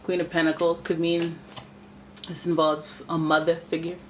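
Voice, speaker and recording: A woman's voice: fairly low pitch, little pitch movement, moderate pace, a little hiss or hum. A woman giving a casual, playful tarot reading, chatting with the cards as she turns them. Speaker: tarot reader.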